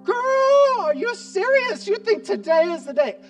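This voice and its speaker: A man's voice: high voice, big pitch swings, fast, darkish tone. A man voicing a young woman on a date, acting out her inner thoughts with exaggerated drama, heard from a distance over music. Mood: squealing excited. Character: young woman, annoyed then thrilled girlfriend. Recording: distant mic with background music.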